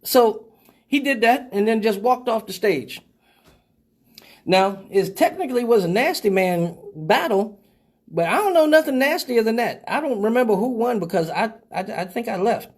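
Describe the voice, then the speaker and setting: A man hosting a live show, telling a profane story in a casual, animated way and laughing often. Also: sits high, normal speed. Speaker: host of a live call-in show.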